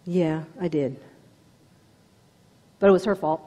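A woman's voice: sits low, slow, dark tone, pitched below the performer's own voice. Woman doing Adam, sheepish, defensive, blame-shifting man, echoing hall.

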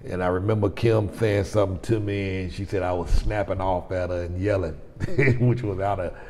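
A man's voice: low-pitched, fairly even intonation, normal speed, mellow, a little hiss or hum. A man in his forties hosting his own vlog, telling a personal story in a rambling, conversational way with frequent restarts. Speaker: vlogger host. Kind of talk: casual storytelling to camera. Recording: long reverb.

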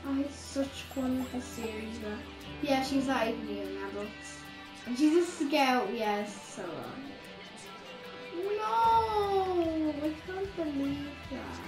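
High-voiced and slow, with lively intonation, a female gamer comments casually on her game. She sounds exasperated and rambles with plenty of fillers, while game music plays in an echoey room.

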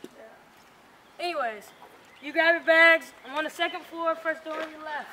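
A woman's voice: on the high side, fast, sharp tone, low-quality recording. An actress playing a driven, independent young woman who is blunt and bossy toward her cousin. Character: driven young woman, strict big-sister type. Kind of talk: indie film acting. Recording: ambient vehicle noise.

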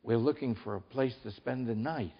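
A man's voice: medium pitch, moderate pace, breathy edge, lo-fi sound, natural voice. An older man reading aloud and voicing a polite, puzzled young boy from a storybook who keeps trying to explain himself. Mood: flustered. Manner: earnest, flustered pleading.

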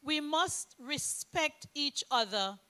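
Woman preacher, high bright voice, deliberate emphatic sermon delivery. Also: lively intonation. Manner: slow, emphatic preaching with scripture readings.

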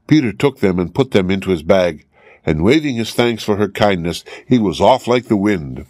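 A man narrates a fairy tale for English learners in a clear, measured reading. His voice sits fairly low, and the recording is close and dry with no room sound. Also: lively intonation, a little mellow, dry recording. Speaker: storyteller.

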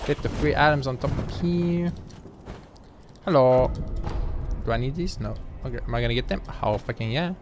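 A man's voice: fairly high pitch, expressive, moderate pace. A young man commenting on his own gameplay, swearing heavily and ranting at the game. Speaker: let's play gamer. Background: game music.

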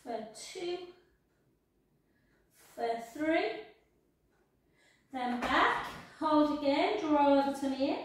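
A woman's voice: sits high, expressive, extremely slow, long pauses, far from the mic, a little hiss or hum. A woman leading a workout class, counting out reps and giving cues in an encouraging way. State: out of breath at times. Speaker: fitness instructor. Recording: echoey room, voice from off the mic.

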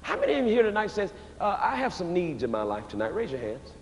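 High, lively-voiced preacher in a reverberant hall. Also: male voice, quick pace. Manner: emphatic, rhythmic preaching with sudden shouted peaks. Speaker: guest preacher. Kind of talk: live revival sermon. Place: large church before a live congregation. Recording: reverberant church hall, faint ambience.

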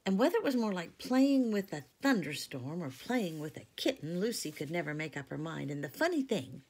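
A woman teacher reading a storybook aloud in a soft, hushed, half-whispered way. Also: on the low side, big pitch swings, brisk, breathy edge.

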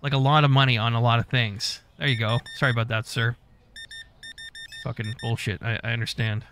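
A man's voice: medium pitch, little pitch movement, fairly quick, a bit bright, a little hiss or hum. A man giving casual, profane gameplay commentary, mock-scolding customers and staff as he plays. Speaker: gaming YouTuber.

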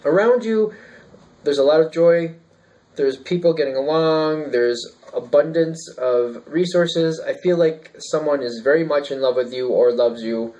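Higher-voiced man giving a rambling tarot reading. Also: a little slow, a little mellow, low-quality recording. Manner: rambling, thinking aloud with fillers. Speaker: tarot reader. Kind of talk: casual tarot reading video.

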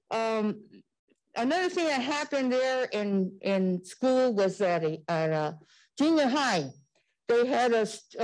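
An older woman on a community panel, recalling her school years in animated storytelling and acting out the quoted voices. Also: medium pitch, rough recording. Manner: animated, acts out quoted dialogue.

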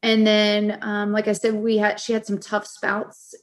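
A woman's voice: mid-range voice, completely flat delivery, a little slow. A woman in her forties, a guest on a podcast, telling her story in an earnest, heartfelt, conversational way. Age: 40s. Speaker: guest, caregiver advocate and author.

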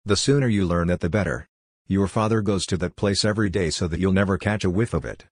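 Man doing a guarded mother laying down the law, deep and husky. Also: fast, dry recording, studio quality. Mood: stern. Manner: firm, secretive. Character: stern protective mother, guarded and firm.

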